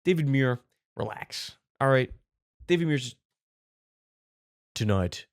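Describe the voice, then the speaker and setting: A man's voice: mid-range voice, moderate pace, gravelly, no room sound, studio quality. A man hosting a comedy show with brash, profane, mock-exasperated news riffs.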